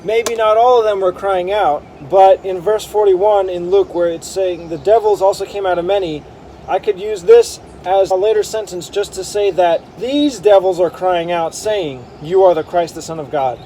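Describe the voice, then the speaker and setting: A man's voice: high-pitched, moderate pace, warm tone, slight background noise, rough recording. A man thinking aloud as he combines Bible verses, reading passages and correcting himself as he goes. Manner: musing, self-correcting, reads verses aloud. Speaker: bible harmony editor. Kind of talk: thinking aloud while editing scripture.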